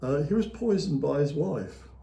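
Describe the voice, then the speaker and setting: A man's voice: on the high side, lively intonation, moderate pace, gravelly, dark tone. A male author talking as an interview guest, retelling history in a rambling, anecdotal way with many fillers and small chuckles. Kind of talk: casual storytelling conversation. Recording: echoey room.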